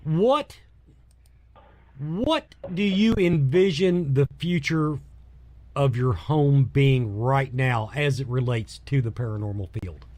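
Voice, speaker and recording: A man hosting an interview, asking questions in a halting way with restarts. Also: medium pitch, darkish tone, dry recording. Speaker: show host.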